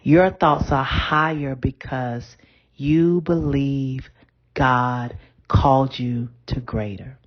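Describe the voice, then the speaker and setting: A woman's voice: a bass voice, steady tone, slow, muffled recording. Woman preaching on a podcast, down-to-earth. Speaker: bishop. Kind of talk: podcast sermon.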